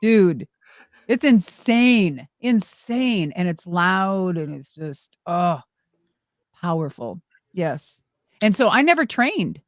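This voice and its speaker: Middle-aged woman, low voice, dry close sound, rambling and lively, acts out quotes, swears casually. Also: takes it slowly, no room sound. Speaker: guest, former wrestler and monster truck driver. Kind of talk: casual storytelling interview.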